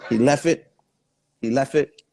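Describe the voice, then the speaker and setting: A man's voice: medium pitch, a little slow, vocal fry, dark tone, no room sound. A man, the guest in a casual interview, telling laid-back stories full of quoted dialogue. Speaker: guest artist.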